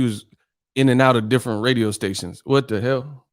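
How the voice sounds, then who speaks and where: A man's voice: medium pitch, normal speed. A man hosting a boxing livestream, chatting casually with his chat, joking and swearing, laughing often and mimicking voices. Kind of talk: casual livestream chat reading viewer comments.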